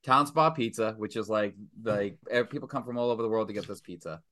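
A man's voice: on the low side, fast, bright, forceful tone. A man from Massachusetts, a filmmaker guest, chatting casually on a podcast in a rambling, profane, self-mocking way. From Stoughton, Massachusetts.

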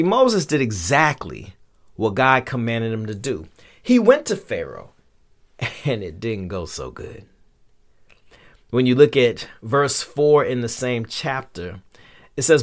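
A man's voice: medium pitch, very animated, unhurried. A man hosting a show, giving a casual, conversational Bible lesson in colloquial slang and acting out quotes. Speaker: podcast host and Bible teacher.

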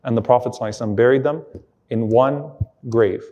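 A man's voice: medium pitch, rapid-fire, warm tone, highs cut off. A man giving an Islamic lecture, retelling an emotional story earnestly and quoting Arabic passages. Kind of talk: sermon-style storytelling lecture.

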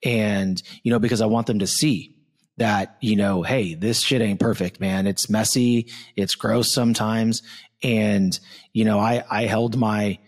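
A man in his thirties, from Florida, hosting a casual interview chat, blunt and excitable, swearing freely and calling his guest "dude". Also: lowish voice, unhurried. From Southwest Florida. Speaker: podcast host.

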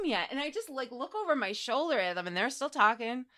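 A woman co-hosting a podcast, telling a personal story in casual chat, animated and laughing often, with plenty of swearing. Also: a little high, a little fast. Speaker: podcast co-host.

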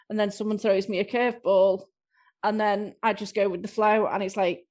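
A woman's voice: mid-range voice, fairly even intonation, normal speed, darkish tone. A woman with a Scouse accent, an improv performer answering interview questions in a chatty, self-deprecating way.

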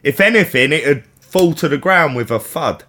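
A man's voice: fairly high pitch, expressive, moderate pace, sharp tone. A man with a London accent, co-hosting a podcast in playful, incredulous banter. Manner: playful, incredulous, acts out quotes. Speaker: podcast co-host. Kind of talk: casual banter.

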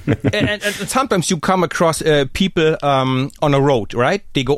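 A man and former pro cyclist chatting casually on a podcast, telling stories with animated flair and acting out the people he quotes. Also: on the high side, brisk, hardly any pauses, no room sound, studio quality. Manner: animated storyteller, acts out quoted speech. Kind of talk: casual podcast chat, storytelling.

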